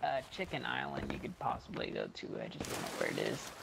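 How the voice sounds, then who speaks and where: A man giving quick, matter-of-fact directions to teammates during an online game. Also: very deep voice, huge pitch swings, vocal fry, background noise. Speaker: player. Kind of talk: casual gaming chat. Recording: loud game sounds behind the voice.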